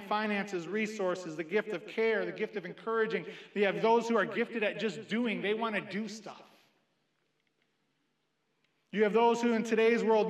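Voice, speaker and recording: Young guy preaching in church, kinda high voice, lots of echo, earnest storytelling. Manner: earnest storytelling preacher, quotes others in lively asides. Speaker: pastor. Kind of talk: sermon. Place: church sanctuary. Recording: echoey church room.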